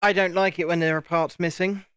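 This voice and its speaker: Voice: medium pitch, fairly even intonation, fairly quick, a bit bright, smooth, no room sound, studio quality. Chatty Southern English live-streamer. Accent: Southern English, home counties. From England, home counties. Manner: chatty, repeats words while building. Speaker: livestream host. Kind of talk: casual live-stream chat.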